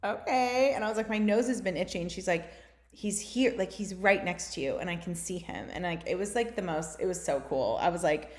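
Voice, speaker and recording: A woman in her thirties from the United States, telling stories in a casual podcast talk, full of fillers. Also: on the low side. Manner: fast, filler-heavy storytelling with many "like"s. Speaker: guest. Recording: roomy echo.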